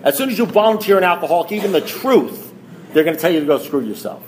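A man sharing his recovery story at a meeting, telling it in an animated, self-mocking way with emphatic repetition. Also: a little high, fast, slight background noise.

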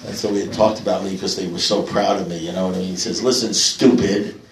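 Speaking very fast in a low voice with little pitch movement, an older man shares stories at a recovery meeting before a live audience in a meeting hall. He is wry and self-mocking with punchy jokes, picked up from afar in an echoey room with a little hiss or hum.

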